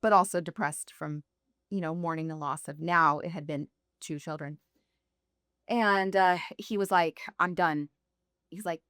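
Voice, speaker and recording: A woman in her thirties telling her faith story on a podcast, candid and quick to laugh. Her voice sits a little low, and the sound is dry and close. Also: fairly bright tone, dry recording. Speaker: podcast guest. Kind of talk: personal faith testimony.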